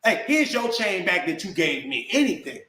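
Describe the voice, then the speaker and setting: A man's voice: sits high, very animated, moderate pace, sharp tone, echoey room. A man venting in a heated rant to the camera, indignant and repetitive, calling his viewers bro. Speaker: vlogger.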